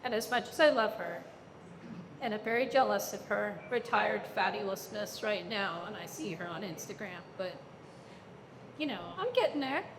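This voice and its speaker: A woman's voice: medium pitch, moderate pace, background noise. A middle-aged woman telling stories as an interview guest on stage, acting out the voices of people she quotes. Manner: animated, acts out quoted voices. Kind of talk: storytelling in a live onstage conversation. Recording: echoey hall with long reverb.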